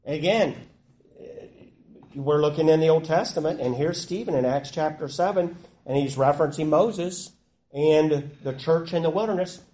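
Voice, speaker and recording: A slightly high-voiced man, talking at normal speed, guides a group Bible study. He calls on people to read and keeps asking the group questions in an animated way. It's recorded in an echoey room with some background noise.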